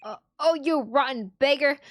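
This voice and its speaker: A woman's voice: high-pitched, normal speed, slight background noise, close to an everyday voice. A woman voicing a brusque, threatening male police inspector in a detective game. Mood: gruff. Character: gruff bossy police inspector man.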